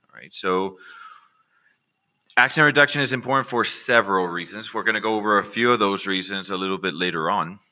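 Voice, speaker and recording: An American man teaching accent reduction in a relaxed, conversational way, often checking in with "all right". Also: lowish voice, a little fast. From United States. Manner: casual, repeats "all right" as a check-in with viewers. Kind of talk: recorded online lesson.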